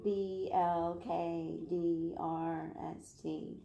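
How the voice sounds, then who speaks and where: A woman explaining in a lesson, measured and careful, spelling things out. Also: fairly low pitch, level tone, gravelly, dark tone, lo-fi sound. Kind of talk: classroom explanation. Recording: roomy echoey space.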